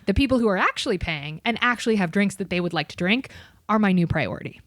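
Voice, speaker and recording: A woman guest on a podcast, telling a story with animated, profane delivery and acted-out voices. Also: mid-range voice, fast, dry recording, clean studio sound. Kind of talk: casual storytelling chat.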